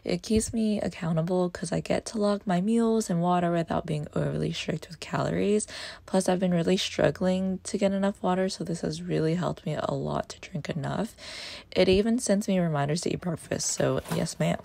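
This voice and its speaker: A woman dietitian chatting through a casual day-in-the-life voice-over in a relaxed, self-deprecating way, her voice gravelly from just waking up. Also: on the low side, moderate pace, dry recording. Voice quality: gravelly morning voice. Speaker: dietitian vlogger.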